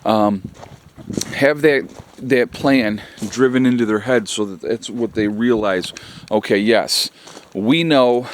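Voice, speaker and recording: Casual vlogger, male, lowish voice, loose and rambling delivery full of fillers, earnest about repeating key points. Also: no echo. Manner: rambling, filler-heavy, conversational. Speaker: prepping vlogger. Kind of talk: casual advice vlog.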